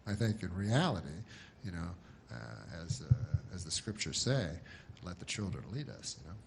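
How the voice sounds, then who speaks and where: A man doing a rambling, deadpan stand-up routine, full of pauses, restarts and asides. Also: low voice, gravelly, background noise. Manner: mocks a pushy announcer in loud bursts. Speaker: comedian.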